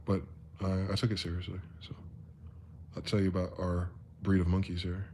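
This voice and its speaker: A man in his thirties giving a rambling, profane live-stream monologue, moving between quiet musing and loud ranting. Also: low-pitched, level tone, moderate pace, a little hiss or hum.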